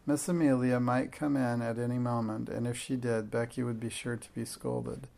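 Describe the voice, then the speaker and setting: A man reading a classic children's story aloud with steady, measured storytelling. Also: medium pitch, creaky. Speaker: narrator. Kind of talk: audiobook narration.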